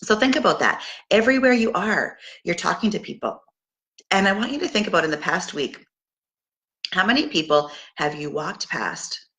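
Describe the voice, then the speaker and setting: Middle-aged Canadian woman, sales team leader, low voice with a bright edge, upbeat and full of fillers. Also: big pitch swings, moderate pace. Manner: upbeat coaching, many fillers and restarts. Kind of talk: casual motivational talk.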